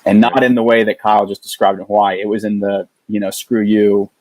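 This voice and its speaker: A man with a lowish voice tells a story as a podcast guest, stopping and restarting often and leaning on fillers. The sound is dry and close, with no room around it. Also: steady tone, darkish tone, dry recording, rough recording. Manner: halting, many restarts and fillers. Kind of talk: casual storytelling.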